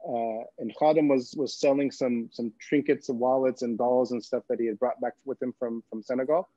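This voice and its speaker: Laughing, mellow-voiced man. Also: medium pitch, steady tone, normal speed, no room sound. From California. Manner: humorous, laughs often, repeats words. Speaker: guest. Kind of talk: personal storytelling in a talk. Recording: dull, dry lo-fi sound.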